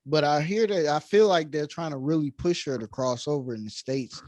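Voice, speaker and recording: A man hosting a podcast, chatting in a relaxed, enthusiastic way. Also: a little high, moderate pace, no room sound. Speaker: podcast host. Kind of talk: casual conversation.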